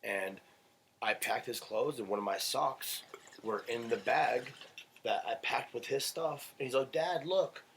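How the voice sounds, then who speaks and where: A man's voice: medium pitch, measured pace, gravelly, a bit bright, slight background noise, poor audio. Swearing, fired-up young man. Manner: swearing, rambling, heated storytelling. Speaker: podcast guest. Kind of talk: casual podcast chat.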